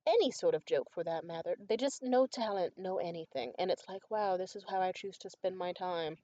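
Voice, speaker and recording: A woman's voice: fairly low pitch, a little fast, dark tone. A tired young woman ranting in a casual monologue, profane, exasperated and rambling. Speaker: stand-up comedian. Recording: muffled lo-fi recording.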